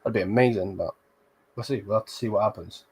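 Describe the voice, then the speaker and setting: A man's voice: on the low side, quick pace, a little mellow, husky. A young man hosting a football channel, chatting casually with viewers and reading their comments, blunt and slangy with some swearing.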